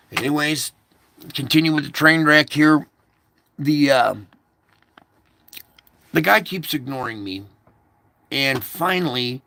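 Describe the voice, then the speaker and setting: A man's voice: medium pitch, gravelly, sharp tone. A man recounting a recurring dream in a rambling, repetitive casual monologue, stopping now and then to fiddle with his equipment.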